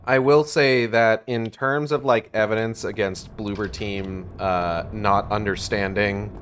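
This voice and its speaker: A laid-back man talking through a game on a live stream, his voice sitting a little low. He rambles with fillers and drops the odd curse. A faint hiss of noise runs underneath. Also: steady tone, measured pace, fairly bright tone. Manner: casual, profane, thinks aloud with fillers. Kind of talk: live gameplay commentary.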